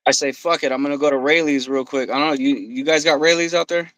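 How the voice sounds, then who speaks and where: A man telling a story on a podcast, swearing freely and quoting himself and others in an animated way. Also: fairly high pitch, fast, no room sound, rough recording. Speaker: podcast guest. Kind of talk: casual storytelling. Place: podcast studio.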